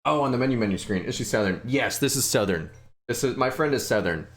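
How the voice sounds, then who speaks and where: A man's voice: mid-range voice, lively intonation, fast talker. A young man giving joking, playful commentary as he streams a game and talks to his chat. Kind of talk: casual gameplay commentary.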